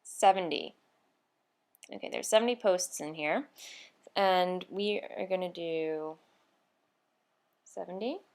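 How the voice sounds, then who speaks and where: A woman's voice: lowish voice, takes it slowly, long pauses, a little mellow. A tired woman hosting a knitting vlog, chatting casually and scatterbrained, with fillers and little laughs. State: tired, short on sleep. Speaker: knitting podcast host.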